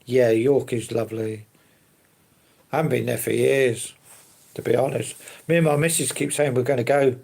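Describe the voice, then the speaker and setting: A man hosts a relaxed live stream and answers viewers as they come in. His voice sits at a middling pitch with a gravelly edge, and he rambles along easily, leaning often on fillers. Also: moderate pace. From London. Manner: easygoing, rambling, fillers and hedges like to be honest.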